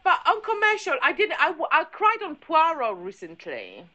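Woman guest, middle-aged, higher voice, animated, giggly storyteller. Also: moderate pace, highs cut off. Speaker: podcast guest. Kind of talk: casual chat.

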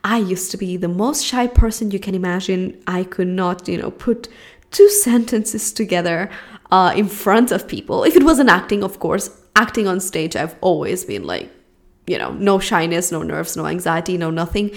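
Young accented woman, solo podcast host; warm-hearted coaching tone, earnest and animated. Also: on the low side, normal speed. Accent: non-American. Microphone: podcast mic.

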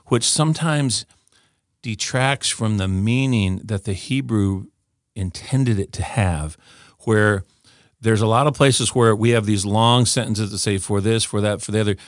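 A man's voice: lowish voice, unhurried, no room sound, clean studio sound. An older man giving an informal scripture teaching talk, eager and often restarting with repeated words as he explains. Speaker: Bible teacher.

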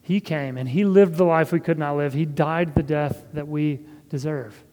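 A man preaching a sermon as pastor, earnest and measured, with a soft laugh now and then. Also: on the high side, in a large hall.

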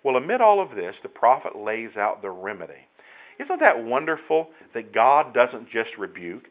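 A man's voice: mid-range voice, wildly swooping pitch, moderate pace. Earnest preacher man, dull recording. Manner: earnest, emphatic, rising to loud exclamations. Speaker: pastor. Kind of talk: sermon.

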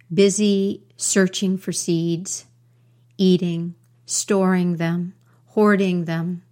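Slow-paced woman telling a story. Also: lowish voice, darkish tone. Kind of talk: oral storytelling.

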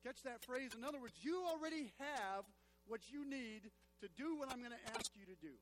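A man with a notably high-pitched voice preaches to his congregation in a church, leaning on phrases and repeating them for emphasis. A faint hum sits under the recording. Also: lively intonation, a little fast, a bit bright. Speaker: pastor. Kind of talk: sermon.

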